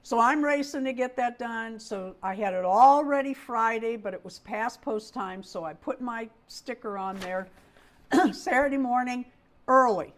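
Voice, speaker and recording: A middle-aged woman hosts a casual doll livestream, telling a story with plenty of feeling in a chatty way. Her voice sits on the high side and she takes her time.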